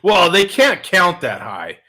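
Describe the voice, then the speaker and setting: Animated chatty male talk host. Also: high-pitched, takes it slowly. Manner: chatty, laughs often. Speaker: show host. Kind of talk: casual chat. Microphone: video call.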